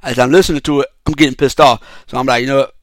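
A man's voice: medium pitch, steady tone, very fast, no echo. A man hosting a solo podcast, talking in a heated, profane, rambling way with lots of restarts. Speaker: podcast host. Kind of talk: casual solo podcast commentary.

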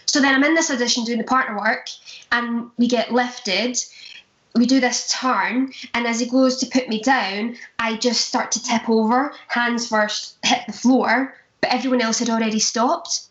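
Slightly high and a bit bright, her voice keeps fairly even intonation at normal speed as this young Glaswegian stage performer chats as a guest. She's a musical theatre performer spinning anecdotes, often laughing and acting out what people said, on a roomy, dull lo-fi recording.

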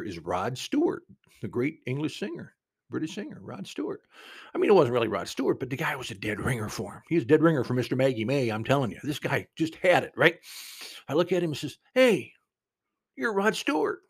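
A man's voice: on the low side, creaky. A man hosting a podcast, telling a personal story in a rambling, conversational way full of asides. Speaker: podcast host.

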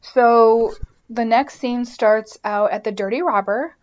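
A woman's voice: a little high, slow, muffled recording. A woman hosting a podcast, casually recapping a TV episode, chatty and full of "like" and "um". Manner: chatty, lots of "like" and "um". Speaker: podcast host.

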